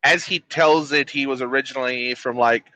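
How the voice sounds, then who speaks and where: A man co-hosting a casual podcast, delivering dry, deadpan sarcastic remarks. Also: mid-range voice, moderate pace, rough recording.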